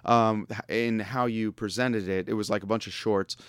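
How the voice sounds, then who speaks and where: A man's voice: fairly low pitch, fairly even intonation, moderate pace, a bit bright, clear, resonant tone, no echo. A man hosting a podcast in casual interview chat, joking and laughing often as he rambles. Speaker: podcast host.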